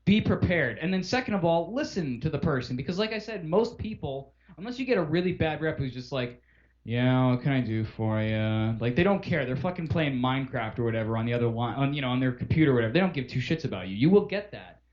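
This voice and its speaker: A man's voice: fairly high pitch, lively intonation, fast, few pauses, a little mellow. Profane ranting man, lo-fi sound. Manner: profane, exasperated ranting with acted-out phone calls. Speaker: podcast co-host. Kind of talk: casual ranting chat. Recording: dull lo-fi podcast audio.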